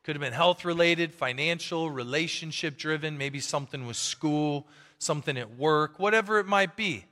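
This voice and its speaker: A man preaching a sermon as pastor, animated and conversational, acting out quotes from the people in his stories. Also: on the high side, normal speed, big-room sound.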